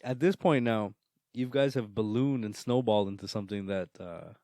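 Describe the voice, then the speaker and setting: A man's voice: on the low side, normal speed, a little mellow, no room sound. A man co-hosting a podcast, giving joking relationship advice to other men and laughing often. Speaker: podcast co-host. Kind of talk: casual chat.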